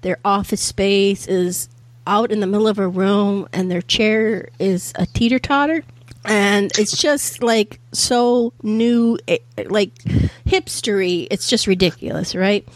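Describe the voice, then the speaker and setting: A woman's voice: mid-range voice, slow pace, no room sound. A woman chatting as a podcast guest, laughing often as she retells a favorite episode. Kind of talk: casual chat.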